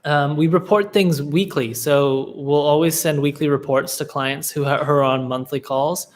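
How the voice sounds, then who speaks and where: Casual young male host for a live Q&A, relaxed, filler-heavy, slightly high voice. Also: moderate pace. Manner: laid-back, relaxed, with many fillers and restarts. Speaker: livestream Q&A host, agency coach.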